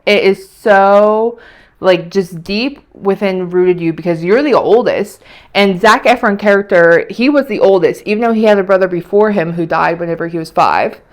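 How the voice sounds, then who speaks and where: A woman's voice: mid-range voice, moderate pace. Young female vlogger, chatty and emotional, rambles with fillers. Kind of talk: casual weekly catch-up chat.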